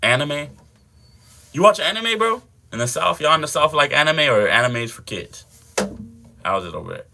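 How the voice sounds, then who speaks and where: A man's voice: fairly high pitch, big pitch swings, normal speed, vocal fry, long pauses, pushed and bright, soft background music. A young man hosting a fitness livestream, chatting casually with viewers in a slangy, laid-back way.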